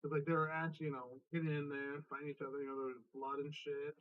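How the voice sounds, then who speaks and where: A man chatting casually on a podcast, laid-back with quick asides. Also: a little high, level tone, highs cut off.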